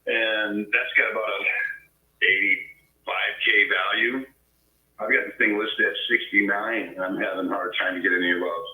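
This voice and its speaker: Minnesotan man on a sales call, rambling and jokey, low-ish bright voice in an echoey room. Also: steady tone, moderate pace. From Minnesota, USA. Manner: rambling, joking, laughs often. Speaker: property seller on a sales call. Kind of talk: casual phone conversation.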